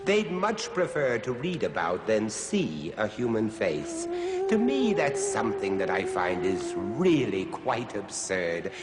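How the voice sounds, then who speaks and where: A theatrical male horror poet, reciting rhymes slowly in a fairly low voice. His pitch swoops dramatically, and loud music plays underneath. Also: wildly swooping pitch, full character voice.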